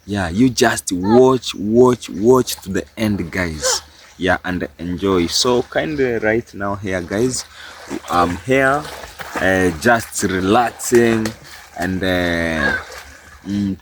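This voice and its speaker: Male vlogger, outdoors at a dam, slow sing-song hype delivery, noisy background. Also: fairly low pitch. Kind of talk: casual outdoor vlog.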